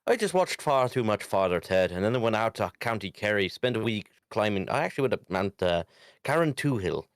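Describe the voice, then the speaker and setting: A man from Britain in a casual podcast chat, quick, lively and sweary. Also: on the low side, no echo, clean studio sound.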